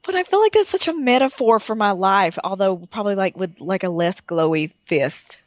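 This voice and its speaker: A woman co-hosting a casual podcast while sick, her voice deeper than usual, rambling and often restarting her sentences. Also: animated, moderate pace, no echo, highs cut off. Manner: rambling, self-interrupting, laughing. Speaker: podcast co-host. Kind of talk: casual chat.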